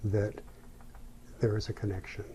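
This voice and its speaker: Male interview guest, unhurried and reflective storyteller, dark mellow tone. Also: on the low side, little pitch movement, slight background noise. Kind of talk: personal storytelling.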